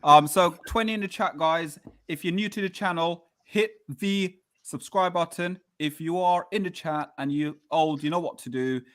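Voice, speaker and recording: A man's voice: fairly high pitch, moderate pace, hardly any pauses, fairly bright tone. A man hosting a casual livestream chat, plugging the channel and steering the talk from topic to topic. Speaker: show host.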